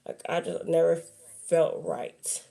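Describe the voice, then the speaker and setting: A woman's voice: low-pitched, slow, vocal fry, mellow. A young adult woman vlogger chatting candidly and rambling, laughing often as she talks. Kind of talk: casual chat.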